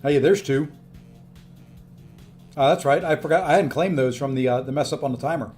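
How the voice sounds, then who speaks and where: A man's voice: fairly high pitch, normal speed, darkish tone, faint music behind. A tired, upbeat man live-streaming a video game, chatting casually and thanking viewers by name as he plays.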